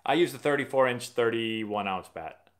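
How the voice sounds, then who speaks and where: A man's voice: medium pitch, lively intonation, normal speed. A man from Massachusetts hosting a casual live stream, answering viewer questions as a rambling, chatty storyteller. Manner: rambling, chatty storyteller who often restarts sentences.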